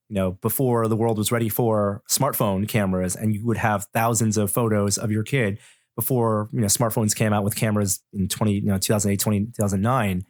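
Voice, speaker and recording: A man's voice: on the low side, normal speed, darkish tone, no room sound, studio quality. A middle-aged man, a tech journalist guesting on a podcast, talking thoughtfully and rambling with many restarts. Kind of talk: casual podcast chat.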